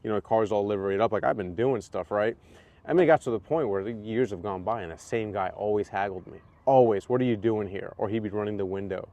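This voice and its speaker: A man's voice: lowish voice, quick pace, muffled recording. A man co-hosting a casual podcast chat, telling stories animatedly and acting out what others said, often laughing. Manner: animated storyteller, acts out quotes, laughs often. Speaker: podcast co-host, driver. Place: outdoors at a race track. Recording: faint outdoor noise at trackside.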